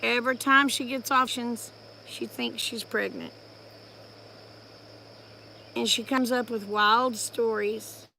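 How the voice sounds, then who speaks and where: Chatty woman with a gravelly voice. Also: on the high side, fairly even intonation, slow pace, long pauses, pushed and bright, a little hiss or hum. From Oklahoma, USA. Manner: chatty and rambling, breaks off to greet viewers. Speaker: live-stream host. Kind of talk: casual storytelling to live viewers.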